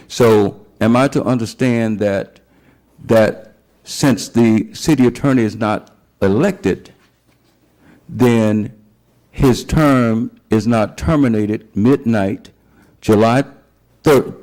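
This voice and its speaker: Slow, low-voiced man asking questions. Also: a little mellow. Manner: halting, repeats words while framing questions. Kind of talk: questions at a council meeting.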